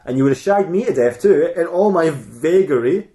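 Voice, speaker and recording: A man's voice: on the high side, expressive, normal speed, dark tone, natural voice. A man voicing a vindictive, foul-mouthed old village witch woman in a crude, swearing rant. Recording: roomy echo.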